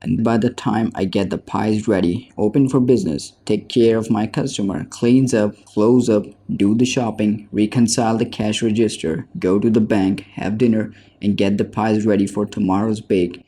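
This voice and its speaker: Overworked, desperate woman baker, read by a male audiobook narrator in his own low, mellow voice. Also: steady tone, moderate pace, few pauses, slightly rough. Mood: bitter, weary. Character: exhausted, desperate woman pie-shop owner.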